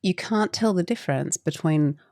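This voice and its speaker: A woman's voice: on the low side, lively intonation, moderate pace, dark tone, no echo. An Australian woman co-hosting a podcast in casual chat, with dry, teasing banter. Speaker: podcast co-host.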